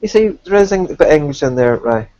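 A man's voice: on the high side, animated, quick pace, warm tone, lo-fi sound. A man co-hosting a casual live-streamed chat show, joking and teasing his guests. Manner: teasing, jokey banter. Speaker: co-host.

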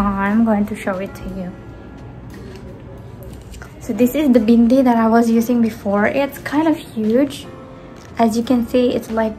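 Young woman from the Philippines, slightly high voice, rambling home vlog that trails off softly. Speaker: vlogger. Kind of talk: casual chatty vlog. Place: indoors at home.

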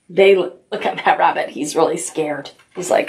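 A children's librarian reading a picture book aloud to preschoolers, gentle and expressive, pausing to comment to the children. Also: female voice, deep voice, a little hiss or hum.

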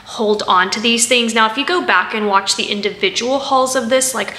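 A woman's voice: on the high side, moderate pace, pushed and bright, echoey room. A woman chatting casually through a haul vlog, rambling with fillers and asides as she sorts items. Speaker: haul vlogger.

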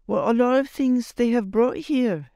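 A man voicing an alarmed young boy adventurer in a very high, strained squeak. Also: unhurried, gravelly, dark tone, no echo, exaggerated voice.

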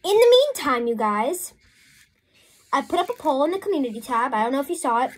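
A woman's voice: high voice, sing-song, a little fast. A woman chatting casually through a messy home crafting vlog, flustered and apologetic as things go wrong. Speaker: vlogger. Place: home, indoors at a work table.

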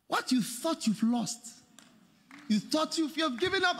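A man preaching a sermon as pastor, swinging between shouted, sung phrases and quiet storytelling. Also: very high-pitched, unhurried, breathy edge, big-room sound. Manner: animated preaching, shouting and laughing.

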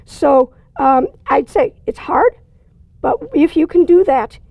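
A woman's voice: high voice, very animated, slow, vocal fry, darkish tone, no room sound. A woman teaching a writing lesson, explaining in a plain, conversational way with dry asides. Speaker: writing instructor. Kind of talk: recorded lecture.

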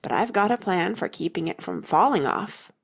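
A woman's voice: fairly low pitch, expressive, moderate pace, creaky, breathy edge, full character voice. A woman voicing a fussy, earnest old male knight inventor in an audiobook reading. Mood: anxious. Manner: earnest, anxious, solemn.

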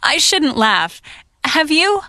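A woman's voice: high-pitched, sing-song, slow, noisy background, heavily acted. An actress playing a friendly young woman offering advice in a textbook listening dialogue.

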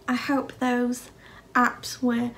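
Chatty woman vlogger, slightly high voice. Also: monotone, extremely slow, vocal fry, a bit bright. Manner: chatty, rambling, many fillers. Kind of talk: casual chat to camera.

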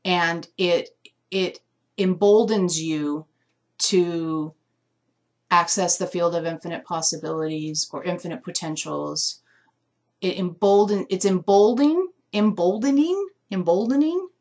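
A woman with a slightly low voice talks through an intuitive essential oil reading live. She muses aloud, trails off and restarts as she hunts for the right words. At times she sounds moved, close to tears. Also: unhurried, a little mellow. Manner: musing, searching for words with many fillers.

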